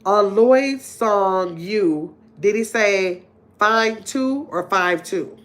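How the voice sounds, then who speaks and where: A woman's voice: medium pitch, extremely slow, a bit bright. A middle-aged woman hosting a casual livestream game night, reading viewer comments aloud and chatting with a laugh. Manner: chatty, laughs often, talks straight to viewers. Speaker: livestream host.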